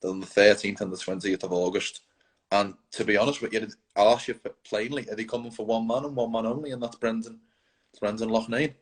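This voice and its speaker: Man, interviewer, low voice, rambling friendly questions. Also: fairly even intonation, brisk, low-quality recording. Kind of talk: casual interview.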